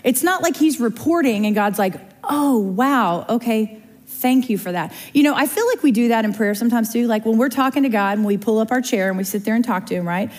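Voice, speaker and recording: A woman's voice: fairly high pitch, fast, few pauses, darkish tone. A woman teaching a Bible study in a chatty, conversational way, often checking in with her listeners. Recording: long reverb of a large room.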